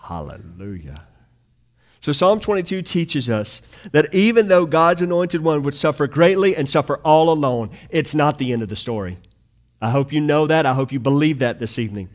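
Man preaching, hushed to rising. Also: animated, normal speed. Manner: dynamic preaching, swinging from hushed low lines to loud high appeals. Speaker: pastor. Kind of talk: sermon.

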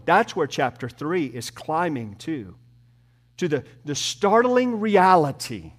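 A man preaching a sermon to his church as pastor, earnest, building up and then dropping to soft, slow emphasis. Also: on the high side.

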